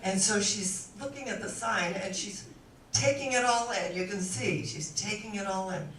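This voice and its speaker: A woman minister telling a story in a sermon, animated and playful. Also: medium pitch, moderate pace. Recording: echoey room, distant mic, faint noise.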